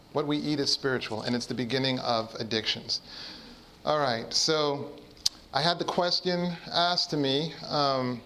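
A man's voice: a little high, fairly bright tone, slight background noise. A man preaching a sermon, putting questions to the listeners and answering them himself. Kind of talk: sermon on addiction recovery.

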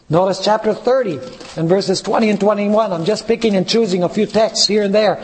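A man preaching a sermon, reading scripture aloud slowly and putting questions to his listeners. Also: high voice, big-room sound.

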